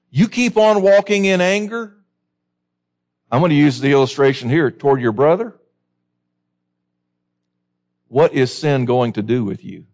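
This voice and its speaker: A man's voice: mid-range voice, a little mellow. A middle-aged man preaching a sermon, reading scripture aloud and putting questions to his listeners.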